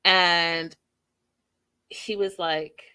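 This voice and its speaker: Host: woman, lowish pitch, bright forceful tone, casual emphatic recap talk straight to listeners. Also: fairly even intonation, extremely slow, clean tone. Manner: chatty, emphatic, addresses listeners directly. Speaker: podcast host recapping a reality show.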